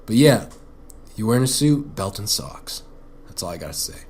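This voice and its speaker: A man's voice: lowish voice, big pitch swings, normal speed, darkish tone, a little hiss or hum. Blunt, foul-mouthed young man rambling. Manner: profane, blunt and self-mocking; rambling, with frequent restarts. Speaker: podcast host. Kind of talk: solo rambling podcast monologue.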